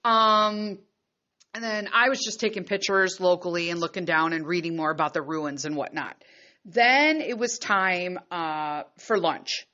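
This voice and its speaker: A woman podcaster from the United States telling a travel story in a blunt, profane, animated way. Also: fairly low pitch, muffled recording. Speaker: podcast host. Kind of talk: casual storytelling monologue.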